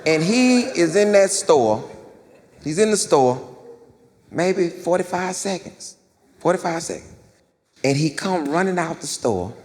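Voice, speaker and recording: A man's voice: measured pace, long pauses. A man doing stand-up, telling long stories with lots of repetition on a theater stage. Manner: animated storyteller, repeats lines, jumps into loud high-pitched quoted voices. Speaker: stand-up comedian. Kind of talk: stand-up storytelling. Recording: live theater with long reverb and faint crowd ambience.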